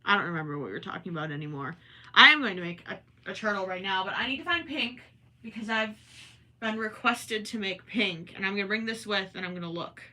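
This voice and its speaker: Bright-voiced Minnesotan woman chatting on a livestream. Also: medium pitch. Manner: chatty, quick to apologize, self-deprecating. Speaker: livestream host. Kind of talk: casual livestream chat, reading viewer comments. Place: home, indoors.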